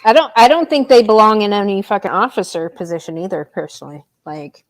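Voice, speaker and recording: A woman's voice: mid-range voice, brisk. A woman co-hosting a podcast, chatting casually and giving blunt, opinionated remarks.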